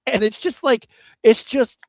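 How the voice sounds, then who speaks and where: Podcast co-host, male, higher-pitched, rambling and jokey, dry close mic. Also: no echo. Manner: rambling, animated, quick to joke. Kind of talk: casual movie chat.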